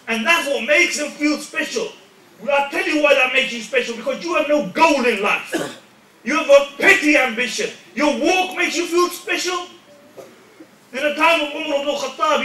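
A man preaches with passion, his very high, bright and forceful voice climbing into shouts. He sounds distant from the mic, and his words ring around an echoey hall. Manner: impassioned, rising to shouts. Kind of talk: sermon.

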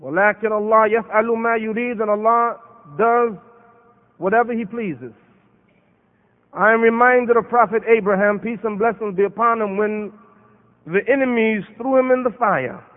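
At a Muslim conference, an American man with a high voice preaches an impassioned sermon at normal speed, quoting verses in Arabic. The recording from the large hall sounds phone-like, with a long reverb.

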